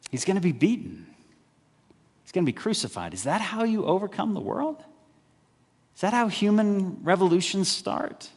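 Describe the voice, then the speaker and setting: A male pastor preaching a lively sermon, firing off rhetorical questions and briefly acting out the voices of crowds. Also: on the high side. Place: church hall. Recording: live church stream with long hall reverb.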